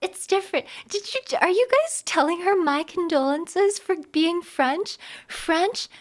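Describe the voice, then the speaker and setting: A young woman streamer chatting casually with her viewers, giggly and animated, with lots of quick restarts. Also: extremely high pitch. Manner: giggly, animated, talks fast with many restarts. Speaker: live streamer.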